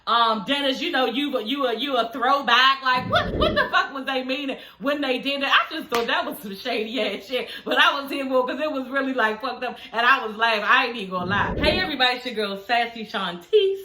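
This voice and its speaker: A woman's voice: sits high, big pitch swings, a little fast, few pauses, echoey room, noisy background. A woman vlogger recapping a reality show from home in casual, slangy chat, laughing often, her speech slightly slurred by new dental aligners.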